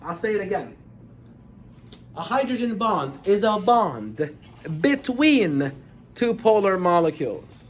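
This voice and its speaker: A man teaching a chemistry class, lecturing with emphatic, animated repetition of key points. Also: high voice, unhurried. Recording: echoey classroom from far off.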